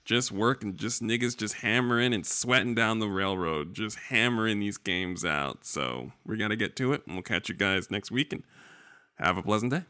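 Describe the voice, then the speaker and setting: A man's voice: fairly low pitch, moderate pace, bright, forceful tone, slight background noise. A man co-hosting a podcast in casual, rambling, joking chat. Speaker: podcast co-host.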